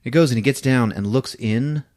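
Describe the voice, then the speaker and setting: A man casually recapping a horror film on a podcast, acting out shouts and sound effects and laughing as he goes. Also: medium pitch, moderate pace. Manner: animated retelling with acted-out shouts and sound effects; laughs often while talking. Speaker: podcast host.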